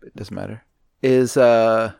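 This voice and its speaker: A man's voice: lowish voice, fairly even intonation, a little slow, creaky, darkish tone, smooth, dry recording, studio quality. A man co-hosting a podcast, chatting casually about a movie in an easygoing, hedging way with lots of likes and you-knows. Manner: easygoing, agreeable, laughs often, hedging with like and you know. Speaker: podcast co-host. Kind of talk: casual movie review chat.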